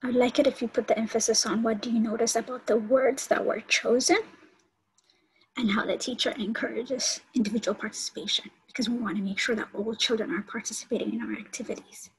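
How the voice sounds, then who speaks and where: A woman's voice: on the high side, steady tone, brisk, husky, rough recording. A woman college instructor giving an online lecture and explaining teaching steps to her students.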